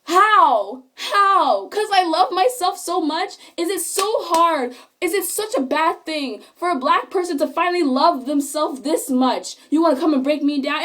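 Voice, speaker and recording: A young woman in her late teens, a high school student, delivering an emphatic, indignant vlog rant into a phone camera and repeating herself for emphasis.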